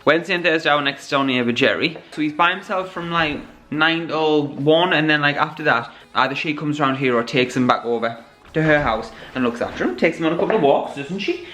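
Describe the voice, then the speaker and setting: A man's voice: a little high, brisk, few pauses, bright, forceful tone. A young man, chatting casually to the camera in a rambling vlog. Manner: chatty, rambling, laughs often. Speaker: vlogger.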